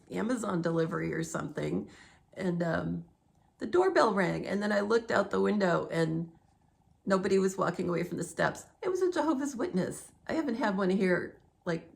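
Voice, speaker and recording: A woman's voice: mid-range voice, creaky. A middle-aged woman vlogging at home in a rambling, digressive monologue, laughing often as she talks.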